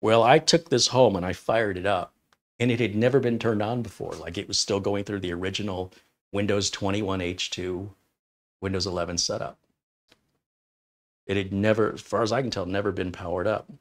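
Hosting a tech live stream, a man with a fairly low voice and fairly even intonation talks at normal speed. He's chatty, spinning an anecdote in storytelling fashion and laughing frequently.

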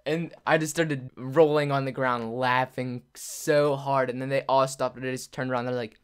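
A young man chats through a story to his camera, stringing it together with endless "like"s and little laughs. His voice sits at an ordinary middle pitch, relaxed and unpolished. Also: brisk, hardly any pauses, clear, resonant tone. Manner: rambling, full of "like", laughs often. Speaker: YouTuber.

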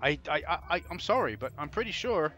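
Brash, swearing gamer. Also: male voice, a little high, big pitch swings, quick pace, sharp tone, faint music behind. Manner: frustrated, swearing rants. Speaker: gaming channel host. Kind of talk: gameplay commentary.

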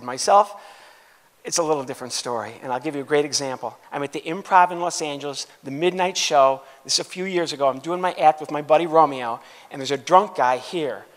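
A man's voice: on the high side, a bit bright. Playful ventriloquist man in a hall. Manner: playful, teasing audience members. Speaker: ventriloquist comedian. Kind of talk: stand-up comedy with audience banter. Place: large venue stage. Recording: reverberant hall, faint noise.

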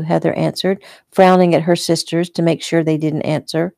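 A woman reading her own novel aloud at home in a plain, unhurried way. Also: deep voice, flat delivery, gravelly, warm tone, no room sound, studio quality. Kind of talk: casual audiobook reading.

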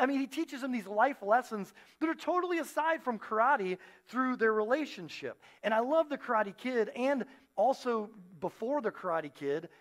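A man in his forties preaching a sermon as a pastor, telling a story with playful, animated acted-out quotes. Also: high-pitched. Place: church stage.

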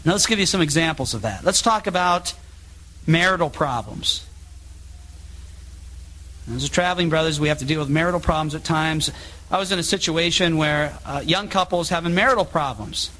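A man giving a public Bible talk as a traveling speaker, telling anecdotes in an animated way and acting out the voices of the people in his stories. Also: a little high, normal speed, a little hiss or hum, rough recording. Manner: animated storytelling, acts out quoted voices.

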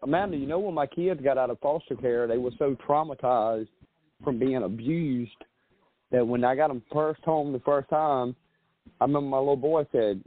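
A man's voice: mid-range voice, normal speed, no echo. Earnest man telling a story by phone. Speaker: caller. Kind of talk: casual call-in talk. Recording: dry tinny phone line.

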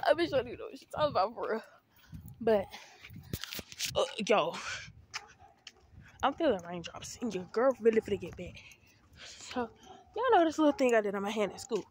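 Teen girl vlogger, slightly high voice, winded and chatty, cursing casually on a phone recording outdoors with faint background hiss. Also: animated, moderate pace, long pauses. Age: teens. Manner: rambling, profane, chatty, addresses viewers as y'all. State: out of breath while walking. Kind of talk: casual vlog talk to viewers. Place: outdoors on a walk.

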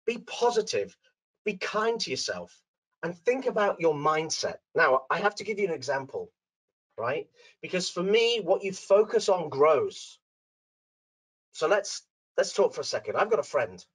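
An animated man from Liverpool, England, a dental coach, presents a webinar from a room at home, telling stories. He acts out the characters in his anecdotes with big pitch swings, speaking at normal speed with a breathy edge. The audio is poor.

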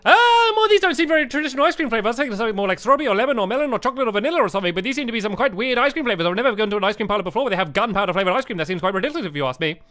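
A man doing a fussy, high-voiced ice cream customer. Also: sing-song, bright, forceful tone, faint music behind, heavily acted. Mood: disapproving. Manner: fast, prim and complaining. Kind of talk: improvised role-play during a video game.

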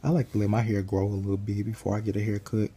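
A tired young man talking casually to his camera while lying in bed, rambling in a relaxed way. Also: lowish voice, fast talker, slight background noise. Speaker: vlogger. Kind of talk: casual chat.

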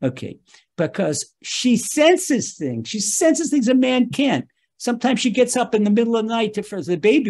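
A man's voice: extremely high pitch, very animated, moderate pace, darkish tone, husky. A man, a rabbi, giving a spoken Torah lesson, emphatic and talking straight to his listeners, often repeating his key phrases.

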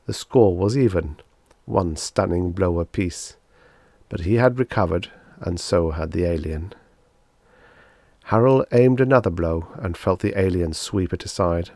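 A man narrating a science fiction short story in a measured, steady reading. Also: low-pitched, dry recording, clean studio sound. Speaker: audiobook narrator.

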